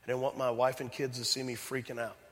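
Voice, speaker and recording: A male pastor preaching a sermon, talking straight to the congregation and swinging between loud emphatic passages and hushed, tender ones. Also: medium pitch, level tone, quick pace, big-room sound. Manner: addresses the congregation directly.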